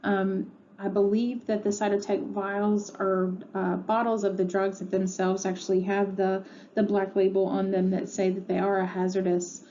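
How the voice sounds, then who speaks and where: Her voice is mid-range and dark, with little pitch movement and a normal speed. She's a pharmacy teacher giving a recorded lecture from a home room, talking casually with plenty of ums and uhs. Faint noise sits under dull, lo-fi audio.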